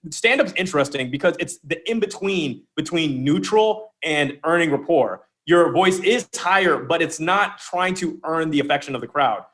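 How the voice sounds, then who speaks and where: A man's voice: on the high side, expressive, moderate pace, few pauses, a bit bright. A man who is a guest author on a podcast, talking playfully and demonstrating different ways of speaking. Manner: playful, demonstrative, shifts voice to illustrate. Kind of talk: casual conversational interview.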